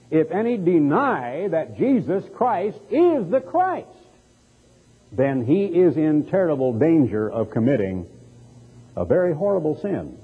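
A man preaching a sermon, reading scripture slowly and stressing his points with emphatic swings. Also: fairly high pitch, slightly rough. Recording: tinny, phone-like narrow sound.

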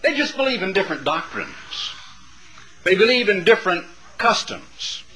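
A man's voice: high voice, huge pitch swings, normal speed, pushed and bright, rough recording. A middle-aged man preaching a sermon to a congregation, building dramatic, rhythmic lists of phrases. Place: church sanctuary before a congregation.

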